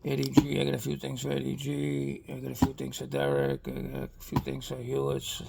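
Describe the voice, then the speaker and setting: Gravelly-voiced Boston man, chatty vlogger who rambles with lots of "you know what I mean.". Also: mid-range voice, a little fast, darkish tone, slight background noise. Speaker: toy car customizer vlogger. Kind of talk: casual rambling vlog chat.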